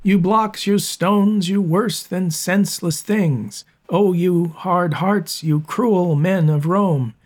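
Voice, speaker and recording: An angry Roman tribune , read aloud by a man, berates the crowd in slow, weighty verse. The voice sits fairly high for a man. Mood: sing-song. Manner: declaiming verse, slow and emphatic.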